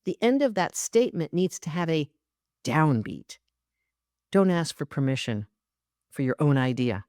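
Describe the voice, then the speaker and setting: Female podcast host and coach, low pitch, direct and emphatic delivery. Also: expressive, a little slow, mellow, no echo, studio quality. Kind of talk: solo podcast monologue.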